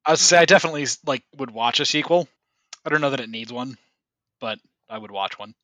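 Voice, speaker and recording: A man's voice: medium pitch, fast talker, sharp tone, no echo. A man guest in a casual movie discussion, qualifying and backtracking on his points. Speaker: podcast guest.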